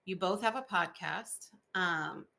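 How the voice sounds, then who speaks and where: A woman podcast host chatting in an interview, expressive and full of fillers, laughing often as she tells stories. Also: on the low side, slow, gravelly. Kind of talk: casual interview chat.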